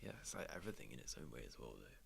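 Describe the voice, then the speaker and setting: Young man, low register, easygoing streamer chat full of slang. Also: big pitch swings, rapid-fire, vocal fry, fairly bright tone, a little hiss or hum. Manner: laid-back, slangy, swears freely. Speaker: trader streaming his trading. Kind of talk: casual chat.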